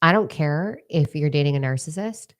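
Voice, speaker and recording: A woman in her forties giving a blunt, excitable motivational talk at home, swearing freely. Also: low-pitched, moderate pace. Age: 40s. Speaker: life coach. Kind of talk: casual motivational talk to camera.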